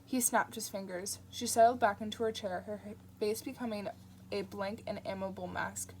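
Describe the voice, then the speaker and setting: A woman narrating an audiobook in a steady, plain reading voice. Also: mid-range voice, moderate pace, slight background noise. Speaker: audiobook reader.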